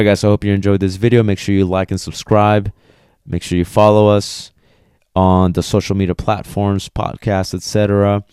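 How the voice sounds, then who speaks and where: A man who trains dogs, talking casually to his video audience as an animated storyteller who swears freely. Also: sits low, clear, resonant tone, no room sound, clean studio sound. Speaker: dog trainer. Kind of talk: casual vlog talk.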